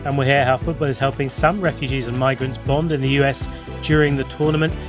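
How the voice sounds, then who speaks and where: A man presenting a radio news programme, introducing stories and a guest with clear, brisk scripted delivery. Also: mid-range voice, fairly even intonation, music in the background.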